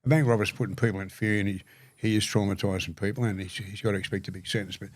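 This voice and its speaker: An older Australian man, a podcast guest telling stories in a halting, earnest way, often repeating words. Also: fairly low pitch, steady tone. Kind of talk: storytelling conversation.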